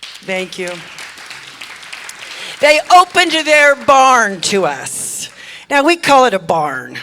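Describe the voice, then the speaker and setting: A woman's voice: a little high, very animated, takes it slowly, bright, forceful tone, some chatter behind. Effusive woman making church announcements. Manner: effusive, repeats thanks, talks with a catch of emotion. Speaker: church speaker giving announcements. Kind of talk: warm announcements at a church service. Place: church sanctuary.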